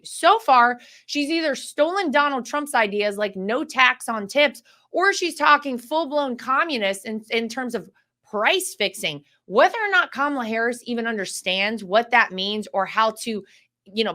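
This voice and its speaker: A woman's voice: on the high side, pushed and bright. A woman from North Carolina speaking as a guest in a political interview, confident and emphatic.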